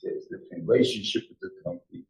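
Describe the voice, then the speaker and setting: Older man teaching in an echoey room. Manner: rambling, halting, many restarts and fillers. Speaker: rabbi giving a Torah class. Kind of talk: informal Torah lecture. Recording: echoey room, voice far from the mic.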